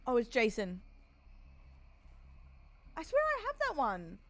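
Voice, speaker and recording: A young woman streaming a game, chatty and excitable, breaking into frightened screams. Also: on the high side, takes it slowly, slight background noise. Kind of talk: casual live-stream chat while gaming.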